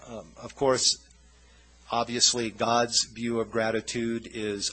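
A man's voice: medium pitch, steady tone, slow pace, a bit bright, rough recording. A man preaching an informal sermon in a loose, conversational, rambling way.

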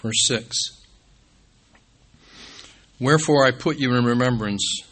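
Bright-voiced man preaching a sermon. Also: slow. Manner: rises to emphatic peaks, drops low and quiet when calling out scripture references. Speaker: pastor.

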